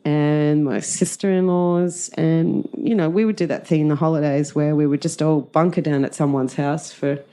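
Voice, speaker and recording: This is a middle-aged woman, chatting as a guest. Her voice sits low and mellow. She tells stories in an animated way, laughing often and acting out what people said. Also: normal speed, hardly any pauses, clear, resonant tone. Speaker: guest, drama teacher. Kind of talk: casual storytelling chat.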